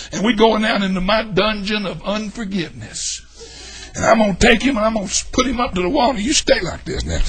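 An older man preaching a folksy sermon, swinging between shouts and hushed asides. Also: high voice. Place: church.

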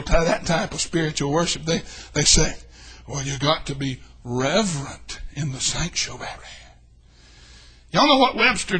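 A male Southern US pastor preaching in a church sanctuary with a very high, husky voice. He shouts exuberantly and breaks into whooping cries and laughter. His tone is bright and forceful. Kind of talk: sermon.

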